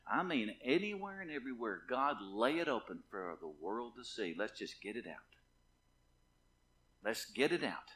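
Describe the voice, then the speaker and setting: Speaking at a moderate pace, this male pastor has a medium-pitched, slightly bright voice that is very animated. His fervent sermon in the church sanctuary leans on insistent repetition, surging and easing in intensity.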